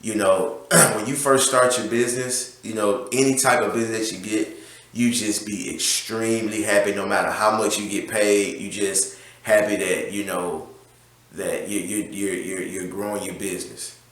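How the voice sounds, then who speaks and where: A man's voice: on the low side, fairly even intonation, moderate pace, fairly bright tone. A man, owner of a small car wash business, casually telling a story about a customer, rambling with many fillers and restarts. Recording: very echoey room.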